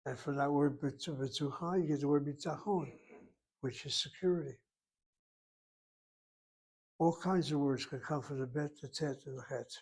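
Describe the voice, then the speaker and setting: A man with a fairly high voice gives a methodical classroom lecture. He goes over each word more than once, breaking it into syllables for his students. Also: moderate pace, pauses often, darkish tone, husky. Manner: methodical, repeats words and breaks them into syllables. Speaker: Hebrew teacher.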